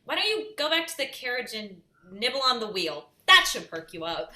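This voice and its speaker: A woman's voice: fairly high pitch, very animated, moderate pace, pushed and bright, echoey room, exaggerated voice. A young woman playing a sassy, dramatic Cinderella in a stage comedy. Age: young adult.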